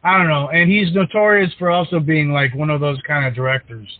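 A man in a slightly higher register chimes in as a podcast co-host. He hedges his points and leans on "like" over and over. His voice comes through a dry, tinny, phone-like line. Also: steady tone, fairly quick, no echo. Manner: hedging, lots of "like". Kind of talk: casual movie chat.

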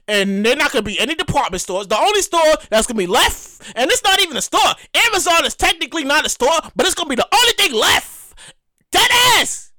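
A man's voice: very high voice, sharp tone, dry recording. A man on a casual, profane rant to camera, emphatic and repetitive. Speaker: vlogger. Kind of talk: casual ranting monologue.

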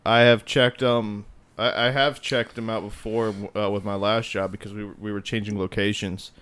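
A man's voice: fairly low pitch, flat delivery, moderate pace, fairly bright tone, smooth. Casual podcast co-host, young guy, loose rambling chat. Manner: rambling, swearing, playful.

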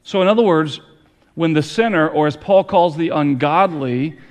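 A man's voice: a little high, normal speed, big-room sound. A middle-aged man and pastor preaching a sermon with earnest, emphatic rising stresses.

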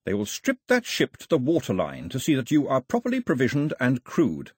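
An audiobook narrator, a man, voicing an officious male company agent who shouts his orders. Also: mid-range voice, wildly swooping pitch, a little fast, husky, dry recording, clean studio sound, pitched above the performer's own voice. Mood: commanding. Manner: shouting through a megaphone, officious.

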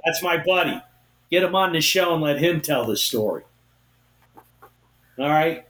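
Animated man telling a story in an echoey room. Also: on the high side, unhurried. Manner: animated, acts out quotes of others. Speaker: podcast co-host. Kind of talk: casual storytelling.

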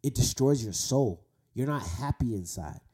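Young guy preaching to the fellas, kinda husky, earnest, slows way down on the big lines. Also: medium pitch, animated, dark tone. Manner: earnest, exhorting, slows down for emphasis. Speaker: host speaking to men about faith. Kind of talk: preaching-style talk.

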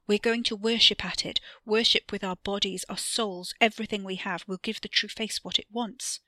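A woman's voice: medium pitch, fairly even intonation, moderate pace, sharp tone, dry recording, studio quality, lightly acted. A woman playing a nervous, devoted young cultist man. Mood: fervent. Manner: eager to please, hesitant.

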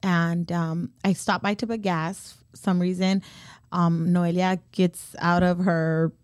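Brief: young woman, casual podcast co-host, animated storyteller who swears, dry close mic. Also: on the low side, slow, no room sound. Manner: animated storytelling, acts out yelling, swears freely. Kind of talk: casual chat.

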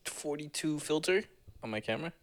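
A man's voice: fairly high pitch, animated, brisk. A man co-hosting a podcast in casual chat, rambling with lots of filler and teasing his friend. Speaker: podcast co-host.

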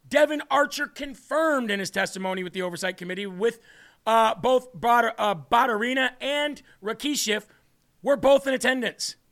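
Sarcastic man with a gravelly voice. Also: very high voice, bright, forceful tone. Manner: sarcastic, mocking, laughs often. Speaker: political talk show host. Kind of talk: opinionated commentary.

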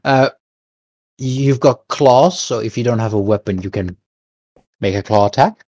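A man running a tabletop game as game master, patiently explaining the rules with many pauses and fillers. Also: mid-range voice, darkish tone, no echo.

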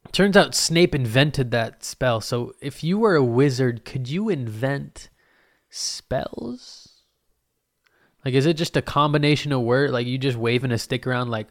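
A man's voice: mid-range voice, no echo, studio quality. Profane, rambling young man. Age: 20s. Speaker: podcast host. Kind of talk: casual solo podcast rant.

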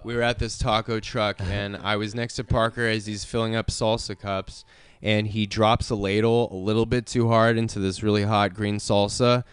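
A man on a podcast, telling casual stories with frequent laughter and shouted quotes. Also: lowish voice, little pitch movement, normal speed, clean tone. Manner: laid-back storyteller, laughs often, shouts when quoting. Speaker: podcast host. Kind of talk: casual chat.

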